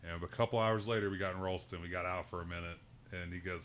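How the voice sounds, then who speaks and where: A man from Fairfax, Oklahoma, telling a swearing, animated story in casual talk and acting out the quotes. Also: low voice, fast talker, background noise.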